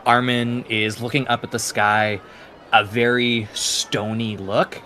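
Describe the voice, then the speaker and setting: A man running a tabletop game as dungeon master, narrating the scene in a relaxed way with many "uh" fillers. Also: mid-range voice, takes it slowly, a little hiss or hum. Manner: laid-back, frequent "uh" fillers.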